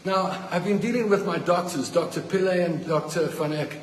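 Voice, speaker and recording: An indignant man rants bluntly into a handheld phone, his voice sitting a little high. He is recorded inside a hospital ward where the sound rings and lingers in a long, hollow reverb, and faint noise stays underneath. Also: moderate pace. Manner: indignant, blunt, repeating himself when worked up. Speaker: hospital patient. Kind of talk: angry phone-video rant. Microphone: phone held by the speaker.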